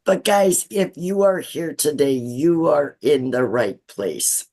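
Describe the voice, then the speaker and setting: A woman's voice: deep voice, lively intonation, slow pace, warm tone. A woman of sixty giving an earnest, teary-eyed testimonial as a guest. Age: 60s. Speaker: guest client.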